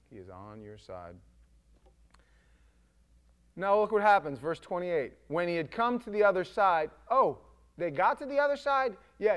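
High-voiced emphatic male preacher. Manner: emphatic and conversational, swinging from loud to hushed. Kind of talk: sermon.

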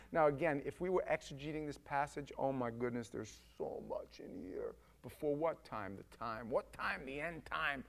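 A male preacher giving a casual, emphatic sermon that swings from loud to hushed. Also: medium pitch, animated, normal speed, vocal fry, hardly any pauses.

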